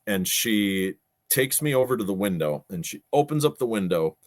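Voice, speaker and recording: This middle-aged man is a guest on a podcast, where he organizes gaming shows. He tells stories casually and with animation, acting out what people said, in a lowish voice at a moderate pace.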